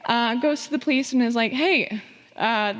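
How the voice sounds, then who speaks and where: A young woman from Phoenix tells a family story on a theater stage, animated and profane, acting out the lines she quotes. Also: a little high, normal speed. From Phoenix, Arizona. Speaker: audience member sharing a story on stage. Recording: long theater reverb.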